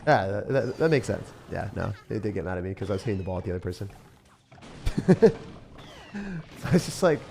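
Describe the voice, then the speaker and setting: A man chatting excitedly while live-streaming a mobile game, often laughing and talking to his viewers. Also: lowish voice, fairly quick, creaky, long pauses, soft background music. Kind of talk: live-stream gameplay chat.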